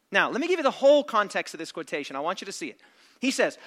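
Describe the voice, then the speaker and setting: A man's voice: high voice, sing-song, quick pace, fairly bright tone. A middle-aged man preaching a sermon, reasoning step by step in an analytical way with asides. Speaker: pastor. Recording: long reverb of a large hall.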